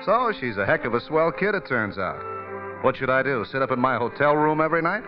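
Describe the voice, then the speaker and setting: A man's voice: mid-range voice, natural voice. An actor playing a wisecracking young burlesque comedian who narrates his own story, in 1950s radio drama acting. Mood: brash. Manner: fast, slangy, lively narration and banter. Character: brash wisecracking burlesque comic, young man. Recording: dull old radio broadcast with music.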